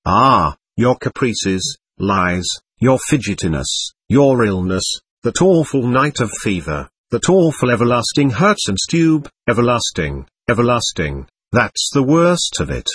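A man reading aloud, voicing an anxious, effusive middle-aged aristocratic lady who talks rapidly and nervously. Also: medium pitch, sing-song, fairly bright tone, husky, no echo, full character voice. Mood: gushing.

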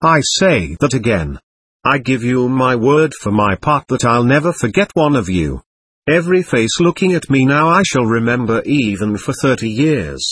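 A man reading the part of a gentle, earnest young man who speaks warmly and pleadingly to a group of boys, in a storybook reading. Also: mid-range voice, very animated, moderate pace, husky, no echo. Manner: warm, heartfelt, pleading.

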